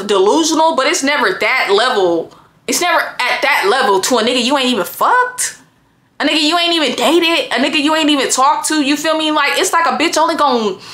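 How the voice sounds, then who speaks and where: A young woman telling a story to her viewers in a blunt, animated rant full of swearing. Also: high voice. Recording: echoey room.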